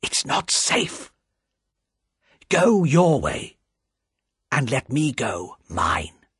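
A man's voice: very animated, fairly bright tone, slightly rough, dry recording, clean studio sound, exaggerated voice. Man doing a frightened, furtive spy. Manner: low, hurried, frightened.

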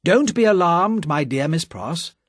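Man doing a calm, assured gentleman. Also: fairly high pitch, dry recording, clean studio sound, voice pushed up. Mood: firm. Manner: measured, polite, firm.

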